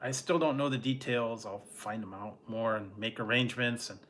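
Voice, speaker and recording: A man's voice: mid-range voice, normal speed, a bit bright, a little hiss or hum. A man chatting casually on a late-night livestream, rambling in an easygoing way and chuckling often. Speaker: food vlogger.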